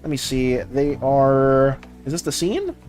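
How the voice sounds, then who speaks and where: Art streamer, casual stream chat, lively pitch, faint music behind. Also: slow. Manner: rambling, chatty, talks while working and reading chat.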